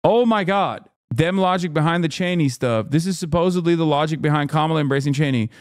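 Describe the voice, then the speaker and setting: A man streaming political commentary, ranting in an animated, exasperated way and slipping into sarcastic mock voices. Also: a little high, fast talker, dry recording, clean studio sound. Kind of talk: live-stream political commentary, reacting to chat.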